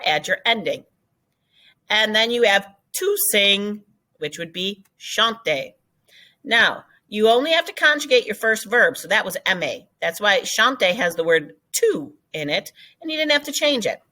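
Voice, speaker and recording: A woman teaching a recorded French lesson with an animated voice that swings up and down. Her tone is bright, and she moves back and forth between French phrases and English explanations. She talks the viewer through each step. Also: mid-range voice.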